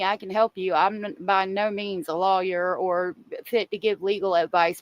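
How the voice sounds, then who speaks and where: Woman host, casual and emotional, speaks straight to her livestream chat at a medium pitch, recorded dry. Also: no room sound. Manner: chatty, emotional, talks to viewers in chat. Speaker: true crime livestream host.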